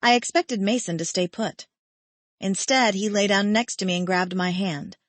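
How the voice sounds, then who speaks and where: A woman narrating a first-person romance audiobook in an intimate, unhurried way on a close studio mic. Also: mid-range voice, no room sound.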